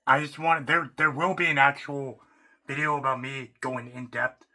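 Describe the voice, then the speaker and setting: A man ranting off the cuff as a fan, rambling and excitable, restarting sentences and swearing casually. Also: mid-range voice, moderate pace. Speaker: YouTuber. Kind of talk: unscripted fan rant.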